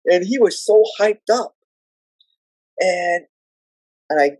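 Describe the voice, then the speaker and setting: A man on a podcast telling memories in a lively way, acting out the people he quotes. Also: a little high, dry recording, rough recording. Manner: animated, acts out the people he quotes; rapid run-on retelling of wrestling memories. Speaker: podcast guest and storyteller. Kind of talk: casual podcast storytelling.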